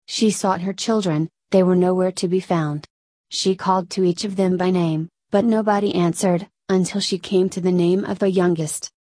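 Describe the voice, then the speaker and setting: A woman reading a classic fairy tale aloud in an even, unhurried storybook manner. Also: on the low side, dry recording.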